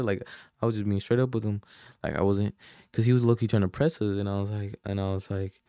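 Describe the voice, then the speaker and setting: A man's voice: fairly low pitch, steady tone, fast talker, mellow, clear, resonant tone, no room sound, clean studio sound. A young man hosting a podcast, telling a rambling story in a casual chat, full of slang and swearing, often losing his train of thought. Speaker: podcast host.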